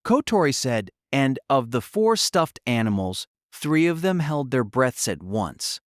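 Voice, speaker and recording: Expressive male audiobook narrator. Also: mid-range voice, unhurried, no room sound, studio quality.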